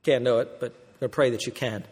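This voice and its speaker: A man preaching a sermon as pastor, asking rhetorical questions and acting out quoted voices with lively swings from loud to hushed. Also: mid-range voice, fast, husky. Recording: long reverb of a church hall.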